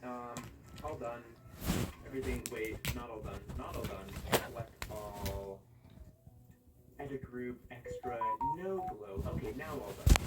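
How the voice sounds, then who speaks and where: A man's voice: medium pitch, unhurried, recorded from a distance, heavy background noise. A man chatting casually as he edits a video, rambling and correcting himself and humming to himself. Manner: rambling and self-correcting, hums and sings to himself. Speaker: YouTube creator editing a video. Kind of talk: casual running commentary.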